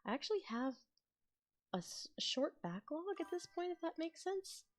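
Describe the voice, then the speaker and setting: A woman's voice: very high-pitched, sing-song, moderate pace. A woman chatting casually on a stream as an ASMR creator, thinking aloud and rambling. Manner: rambling, thinks aloud with restarts and soft laughs. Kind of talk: casual live-stream chat.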